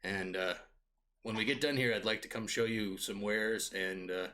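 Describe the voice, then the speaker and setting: Guy doing a scottish-ish dwarf wizard, pushy and bright, bragging about his potions. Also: lowish voice, normal speed. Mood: boastful. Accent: Scottish-like dwarven accent, put on. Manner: boastful, salesy. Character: short greedy male dwarf wizard potion seller.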